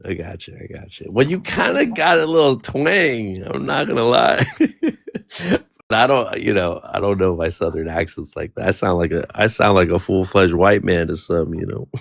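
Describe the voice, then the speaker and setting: A low, creaky male voice, expressive and at a moderate pace, comes through a dry recording. He's a native Spanish speaker from the United States, near the Bay Area, rambling casually as a participant in an online panel discussion and frequently restarting his sentences.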